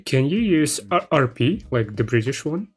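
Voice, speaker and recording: A young man hosting a casual chat, speaking English haltingly and switching to relaxed commentary. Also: mid-range voice, husky, faint music behind. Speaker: English teacher, host.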